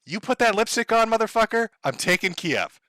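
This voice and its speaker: Blustery cussing head of state guy, some dude doing the voice, kinda high and sharp. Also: animated, a little fast, dry recording. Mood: defiant. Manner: swaggering, cursing. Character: angry male head of state, blustering and profane.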